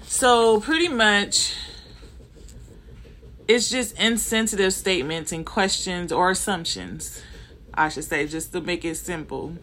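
Woman, Southern Californian accent, bright tone, casual explainer, lots of fillers and restarts. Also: fairly low pitch, slow pace, slight background noise. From Compton, Los Angeles, United States. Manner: conversational, with frequent fillers and self-corrections. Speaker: manager sharing workplace experiences.

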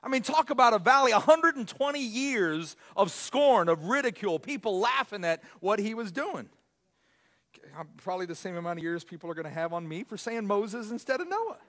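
Male pastor, very high voice, animated sermon delivery, frequent restarts. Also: moderate pace. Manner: animated, self-correcting preacher with frequent restarts.

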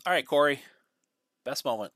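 A man hosting a casual podcast, brisk and matter-of-fact as he presents awards. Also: medium pitch, lively intonation, a bit bright, no room sound. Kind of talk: casual chat.

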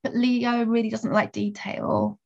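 Woman astrologer, chatty and rambling, slightly high voice, dull lo-fi sound. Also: little pitch movement, measured pace, gravelly. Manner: chatty, explains with lots of fillers and restarts. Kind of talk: casual podcast chat.

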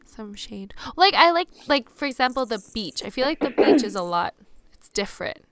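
A woman's voice: fairly high pitch, very animated, moderate pace, very noisy. A woman co-hosting a podcast in casual chat, laughing often and filling with "like". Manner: laughs often, says "like" a lot. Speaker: podcast co-host.

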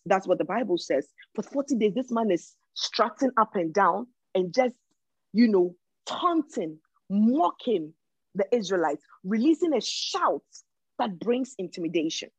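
A woman's voice: mid-range voice, breathy edge, no room sound, rough recording. A woman teaching from the Bible in a sermon style. She reads verses aloud, then explains them with emphasis and often repeats words as she thinks.

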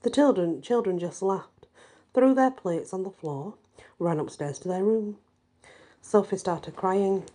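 A woman reading a folk horror story aloud in a measured, slightly hesitant way. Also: mid-range voice, dark tone.

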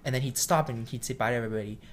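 A cook telling a kitchen story. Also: male voice, mid-range voice, very fast, slight background noise. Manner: animated storyteller, acts out quotes loudly; self-described shy. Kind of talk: casual storytelling interview.

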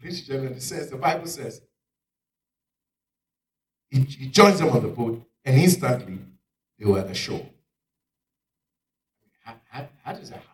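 A male preacher giving a dramatic sermon, swinging from loud exclamations down to near-whispers. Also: mid-range voice, animated, normal speed, pauses often, a little hiss or hum. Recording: echoey room, picked up from far off.

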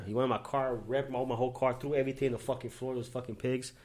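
A man's voice: medium pitch, flat delivery, quick pace, hardly any pauses. A young man from Miami hosting a casual podcast, telling profane street stories and acting out the lines of people in them. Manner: profane street storytelling, acts out quotes. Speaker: podcast host.

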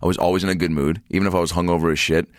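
A man from Seattle, a podcast guest, telling animated stories in casual chat, swearing freely and slipping into high put-on voices. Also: racing, no room sound, studio quality.

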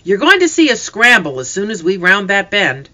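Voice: mid-range voice, very animated, moderate pace, bright, forceful tone, voice pushed up, low-quality recording. A reader doing a hearty farm father. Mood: cheerful. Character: farm father, cheerful and jovial. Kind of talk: audiobook character voice.

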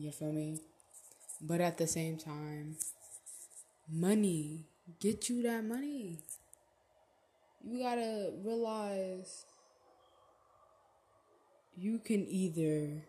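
A woman's voice: lowish voice, mellow, roomy sound. A woman hosting her own podcast, giving a casual, profane motivational rant in a blunt, slangy way with laughs. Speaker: podcast host.

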